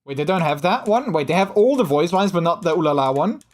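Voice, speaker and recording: A chatty, animated male streamer. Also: fairly high pitch, fast. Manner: animated, gushing, full of restarts. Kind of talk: casual live-stream chat.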